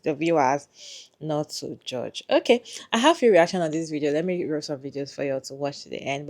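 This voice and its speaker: A woman's voice: deep voice, darkish tone. A woman hosting a reaction video, giving emphatic, opinionated commentary straight to her viewers. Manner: emphatic, questioning, speaks directly to viewers.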